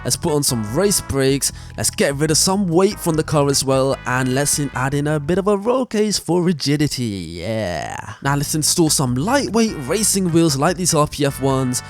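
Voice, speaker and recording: A man hosting a gaming channel, giving animated, joking gameplay commentary and often tripping over his words. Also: fairly high pitch, normal speed, few pauses, soft background music.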